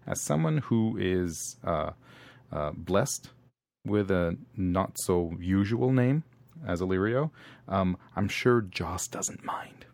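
A podcast co-host chatting casually, slow and halting with fillers. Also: low voice, animated, vocal fry, darkish tone, no echo. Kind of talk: casual chat.

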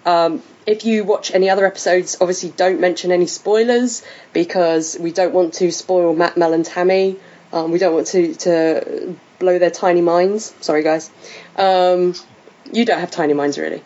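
A woman's voice: fairly low pitch, steady tone, moderate pace, mellow, dull audio. A British woman hosting a podcast in casual chat, rambling with many fillers. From Britain. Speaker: podcast host.

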